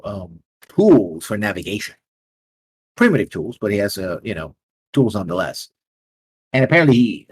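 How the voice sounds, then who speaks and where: A man narrating as game master of a tabletop game, describing scenes in a halting, rambling way. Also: on the low side, slightly rough.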